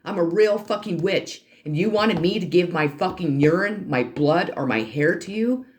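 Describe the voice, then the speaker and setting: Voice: medium pitch, lively intonation, normal speed. A profane, heated tarot reader. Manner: addresses viewers as people. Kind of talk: ranting spiritual card reading for a channel.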